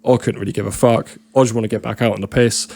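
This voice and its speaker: A man's voice: on the low side, fairly even intonation, fast talker, gravelly, a little mellow. A man with a British accent, a podcast guest telling rambling, laddish stories full of slang and swearing. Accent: British English. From Britain. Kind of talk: casual storytelling chat.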